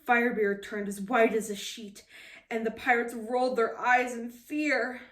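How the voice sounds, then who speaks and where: Expressive woman reading a picture book. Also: on the high side, unhurried, recorded from a distance. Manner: expressive, lively storytelling. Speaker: storybook reader. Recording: roomy echo.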